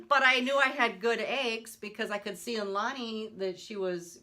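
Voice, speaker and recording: A woman's voice: on the high side, animated, measured pace, pushed and bright, a little hiss or hum. A woman in her fifties, hosting a casual chat and laughing often with affection. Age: 50s. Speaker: host, mother.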